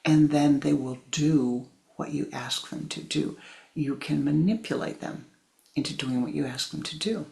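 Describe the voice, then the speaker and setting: Woman teacher, sermon storyteller, slow and gravelly, lowish voice. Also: warm tone. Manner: storytelling, acting out voices, deliberate. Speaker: spiritual teacher.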